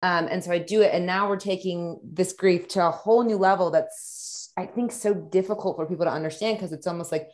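A woman's voice: lowish voice, steady tone, fairly quick, few pauses, a little mellow. A woman in a reflective casual conversation who speaks hesitantly, restarting her sentences. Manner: thoughtful, hesitant, many restarts.

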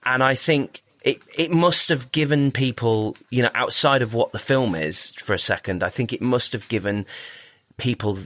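A man's voice: medium pitch, normal speed, fairly bright tone. A man, a podcast guest, talking in a loose, chatty way, often restarting his sentences and swearing. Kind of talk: casual interview chat.

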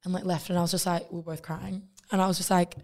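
A young woman co-hosting a podcast in a casual chat, animated and full of "like" fillers, acting out the quotes in her stories. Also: fairly low pitch, fast talker. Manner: chatty, lots of "like" fillers and restarts; animated storytelling, acts out quotes.

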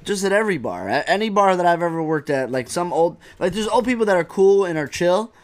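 A young man chatting casually on a podcast, loose and profane, swearing as easily as he laughs. His voice sits a little high for a man. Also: animated, fast. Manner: profane, joking, laid-back. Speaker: podcast co-host. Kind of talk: casual bar-talk podcast chat.

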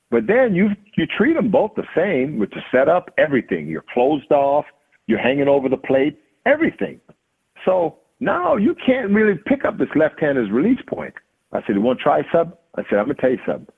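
A man, a hitting coach and podcast guest, telling a lively story and acting out the dialogue. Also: fairly high pitch, creaky, husky. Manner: acts out quoted dialogue. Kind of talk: animated storytelling. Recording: tinny phone-like line.

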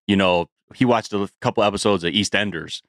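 Male co-host, low register, relaxed and irreverent, dry studio mic. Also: quick pace, no echo. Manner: loose, swearing, jokey asides. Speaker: podcast co-host. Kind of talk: casual chat.

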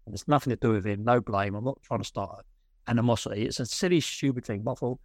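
A man's voice: mid-range voice, fast, dry recording, studio quality. A man, a coaching client, telling anecdotes in a rambling way with many restarts. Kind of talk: casual chat on a call.

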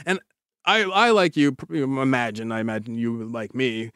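A man's voice: mid-range voice, lively intonation, moderate pace, a bit bright, smooth, no echo, clean studio sound. Playful man spinning a comic story. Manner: playful, acts out scenes, laughs often. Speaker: podcast host. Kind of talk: casual comedic storytelling.

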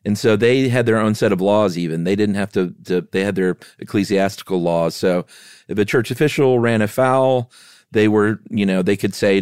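A man co-hosting a podcast, explaining history in a relaxed way with playful asides. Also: lowish voice, normal speed, clean tone, dry recording, studio quality. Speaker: podcast co-host. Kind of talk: casual history chat.

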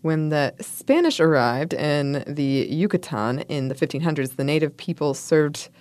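A woman with a lowish voice co-hosts a relaxed conversation. She reads history notes aloud and breaks off for playful asides and laughs. The sound is dry and close to the mic. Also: normal speed, dry recording. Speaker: podcast co-host. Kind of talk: casual chat, reading food history notes.

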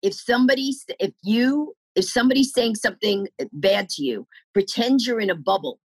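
A middle-aged woman comedian telling life stories in an interview, animated and acting out the voices of the people she quotes. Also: on the high side, moderate pace, breathy edge, no room sound, poor audio. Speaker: comedian guest. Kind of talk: storytelling interview answers.

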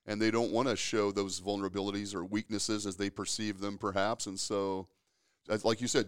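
A man hosting a casual talk, his voice smooth and resonant and sitting somewhat low. He tells stories in a relaxed, easygoing way, restarting his sentences now and then. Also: fairly quick. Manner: storytelling, relaxed, with filler restarts. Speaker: podcast host, safety professional. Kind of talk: casual conversation.

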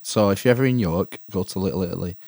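A man's voice: low voice, fast, vocal fry, heavy background noise. A man casually chatting on a podcast, telling a story with laughs and casual swearing. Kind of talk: casual chat.

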